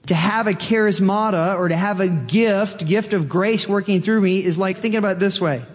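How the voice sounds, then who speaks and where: A man preaching a sermon as pastor, animated, climbing to excited peaks as he drives his point home. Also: high-pitched, moderate pace, long reverb tail.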